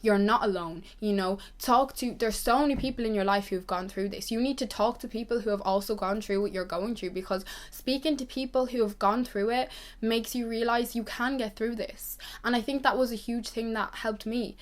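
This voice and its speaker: A woman's voice: a little high, steady tone, moderate pace. A twenty-year-old woman giving an earnest, reassuring pep talk to camera, repeating herself for emphasis. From Ireland. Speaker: vlogger.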